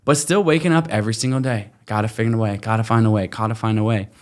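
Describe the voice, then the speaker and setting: A man's voice: lowish voice, quick pace. A man in his thirties telling a story in a casual interview, full of fillers and acting out other people's lines. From United States. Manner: animated, acts out quoted voices, many fillers. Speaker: guest.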